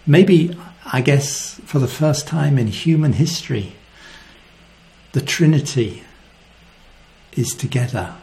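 A man preaching a sermon, earnest and reflective, often dropping to a soft voice. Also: medium pitch, lively intonation, slow pace, creaky, long pauses.

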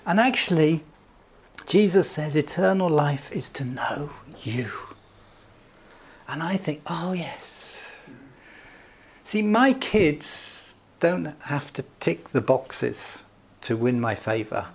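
A middle-aged man delivers a relaxed, conversational sermon in a voice pitched a little above the usual. He keeps it chatty and jovial, chuckling often and sprinkling in asides. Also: slow, breathy edge. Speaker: pastor.

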